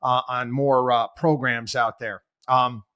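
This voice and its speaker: A man's voice: mid-range voice, steady tone, slow pace, bright, forceful tone, no room sound, clean studio sound. A man hosting a talk show, giving sarcastic, exasperated commentary full of rhetorical questions. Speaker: host. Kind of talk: opinionated talk radio commentary.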